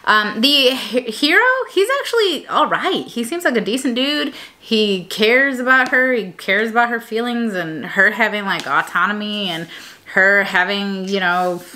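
Bright-voiced chatty woman vlogger. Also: medium pitch, measured pace, slight background noise. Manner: chatty, rambling, lots of fillers and self-corrections. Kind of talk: casual chat.

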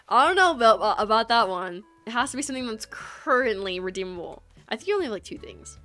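A woman's voice: medium pitch, a bit bright. Giggly, rambling young woman streamer. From United States. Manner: chatty and giggly, rambling with frequent restarts. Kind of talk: casual live-stream chat with viewers.

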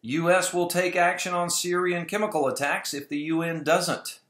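A man's voice: high-pitched, fairly even intonation, moderate pace, fairly bright tone. A man talking casually and with strong opinions in a commentary vlog about Bible prophecy, often mimicking other people mockingly. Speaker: video blogger on Bible prophecy. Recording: roomy echo.

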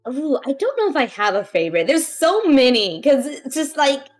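A young woman guesting on a stream, giggly and a little shy, pausing to find her words and telling puns. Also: high voice, big pitch swings, faint music behind. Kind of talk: casual chat.

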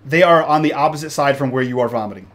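A man's voice: medium pitch, fast talker, noisy background. Man improvising as game master. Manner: loose, improvised descriptive narration. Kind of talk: narrating a tabletop game live play.

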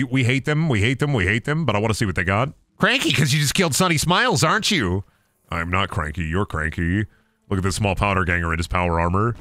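A man streaming a video game, chatting casually and reacting loudly, joking and swearing as he plays. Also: lowish voice, no echo. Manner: excitable, swearing, joking to himself. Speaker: gaming streamer. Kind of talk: casual gameplay commentary.

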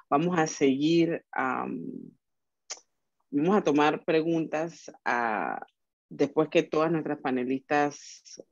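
A woman's voice: deep voice, a little mellow, no room sound, lo-fi sound. A woman moderating an online panel and switching between two languages, hesitant and full of filler sounds. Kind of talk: bilingual moderation.

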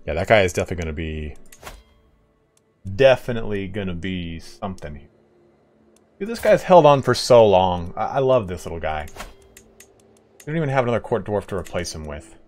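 A man casually commenting on a strategy game he is playing, chatty and excitable, often laughing. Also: low voice, a little fast, long pauses. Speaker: let's play streamer.

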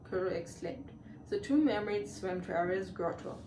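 A woman's voice: medium pitch, normal speed. A woman reading a children's storybook aloud, stumbling and restarting on words now and then. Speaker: reader. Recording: echoey room, far from the mic, faint hiss.

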